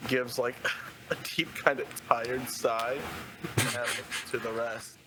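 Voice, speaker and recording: A man describes his character's actions in a tabletop game, slowly and hesitantly, with plenty of filler words. Steady hiss runs behind his voice. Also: mid-range voice. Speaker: player.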